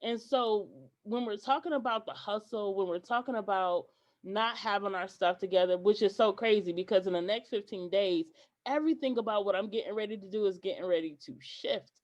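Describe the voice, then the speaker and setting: A woman guest on a podcast, telling stories in an animated way and acting out what people said, with some hesitant restarts. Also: medium pitch, brisk, dull audio. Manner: animated, acts out quoted dialogue. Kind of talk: podcast interview storytelling.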